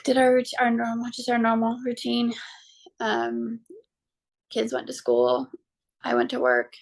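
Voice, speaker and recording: A woman in her thirties or forties, a podcast guest and mother, telling a personal story in a halting way with frequent ums and restarts. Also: fairly high pitch, very animated. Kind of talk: personal story told in an interview.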